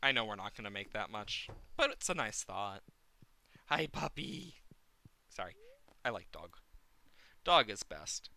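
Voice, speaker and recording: A man live-streaming a farming game, rambling playfully and getting excited. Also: lowish voice, unhurried, creaky, pauses often, dry recording.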